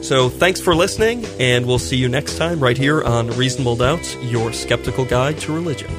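Male podcast host, mid-pitched, wry and casual. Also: music in the background. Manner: wry, quick quips. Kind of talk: casual discussion.

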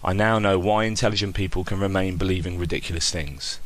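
A man's voice: low voice, fairly even intonation, fast. A man reading out a farewell message to the show, wry and sarcastic. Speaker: listener leaving a message.

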